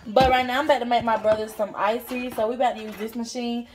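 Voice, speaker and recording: A young woman chats straight into her phone camera and keeps calling her viewers "y'all". She sounds a bit out of breath, her voice sits fairly high, and a faint noise runs underneath. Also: steady tone, fast. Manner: chatty, addresses viewers as y'all. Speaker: vlogger. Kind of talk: casual vlog talk to camera.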